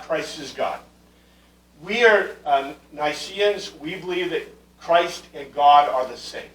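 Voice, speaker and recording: A man's voice: a little high, fairly bright tone. A man teaching a Bible class, lecturing conversationally with fillers and restarts and putting questions to his students. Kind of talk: classroom lecture on Greek word meanings. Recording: echoey room, mic far from the speaker.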